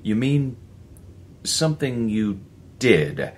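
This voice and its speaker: A man's voice: medium pitch, sing-song, slow pace, slight background noise, pitched above the performer's own voice. A male narrator voicing a younger druggist who falters and stammers and sounds unsure of himself. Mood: faltering.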